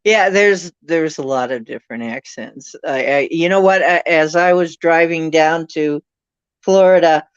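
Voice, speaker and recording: A woman's voice: low-pitched, a little slow, clear, resonant tone, no room sound. Effusive woman hosting a lo-fi livestream. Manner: effusive, rambling, spiritual talk. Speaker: host. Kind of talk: casual livestream chat. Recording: muffled lo-fi audio.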